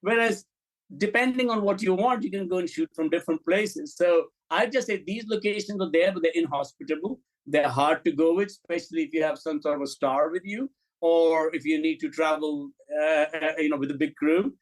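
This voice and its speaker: A man's voice: on the high side, a little fast, low-quality recording. A middle-aged man, a film director as interview guest, telling candid, blunt stories and acting out the dialogue in them. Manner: animated anecdotes, blunt and profane, acts out quoted dialogue.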